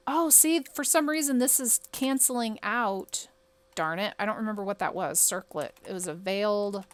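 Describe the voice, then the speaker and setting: A woman's voice: mid-range voice, a bit bright. Chatty woman muttering through a game. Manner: chatty, muttering to herself, quick to exclaim. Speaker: game streamer. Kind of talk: casual commentary while playing.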